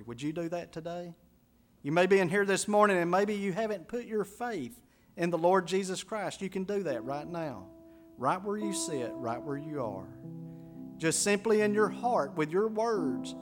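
High-voiced preacher telling a story dramatically. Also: male voice, expressive, moderate pace, soft background music. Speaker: pastor. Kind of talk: sermon with storytelling.

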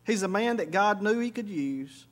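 A man preaching a sermon, swinging between quiet reflective stretches and loud, high emphatic bursts. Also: expressive, moderate pace. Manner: preaching with sudden rises in pitch and volume. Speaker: pastor.

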